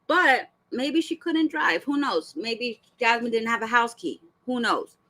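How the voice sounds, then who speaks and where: A woman's voice: a little high, lively intonation, measured pace, bright, forceful tone, low-quality recording. A woman hosting a reaction channel, giving blunt, profane, heated commentary full of rhetorical questions.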